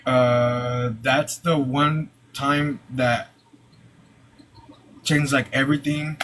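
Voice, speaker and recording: A young man telling a personal story live, halting, with many "like"s and repeated restarts. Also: mid-range voice, little pitch movement, fairly bright tone, low-quality recording.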